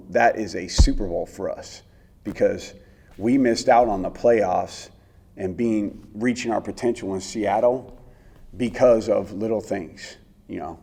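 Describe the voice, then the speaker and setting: A middle-aged American man, a former pro quarterback, telling his life story as an interview guest in an earnest, animated way with many fillers. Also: fairly low pitch, creaky, husky. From United States.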